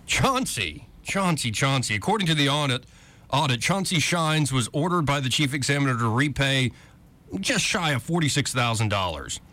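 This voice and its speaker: A man's voice: mid-range voice, bright, forceful tone. A man hosting talk radio, reading a news report aloud with wry, sarcastic asides. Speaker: radio talk show host.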